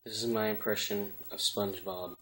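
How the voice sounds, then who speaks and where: A man presenting a joking impressions video as a YouTuber, with a deadpan delivery. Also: lowish voice, normal speed.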